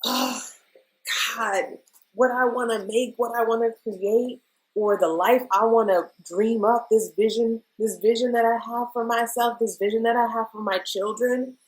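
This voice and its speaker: A woman's voice: fairly high pitch, fairly even intonation, measured pace, poor audio. A woman in her thirties giving a casual weekly tarot reading, chatty and emotional, often calling her viewers "y'all". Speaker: tarot reader.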